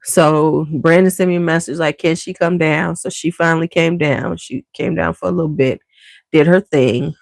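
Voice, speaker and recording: A middle-aged vlogger tells her viewers a rambling family story in a loose, chatty style. Her fairly low voice has a gravelly edge and keeps a steady tone at a normal speed. Recorded in her home basement, the sound is close and dry with no room echo.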